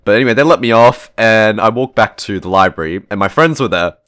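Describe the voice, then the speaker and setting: A teenage boy tells a school story for his channel in a loose, rambling way, tossing in "right?" and "okay?" and casual swearing. His voice sits fairly low, and the sound is dry and close. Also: animated, fairly quick, a bit bright, clear, resonant tone, no echo. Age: teens. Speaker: channel host.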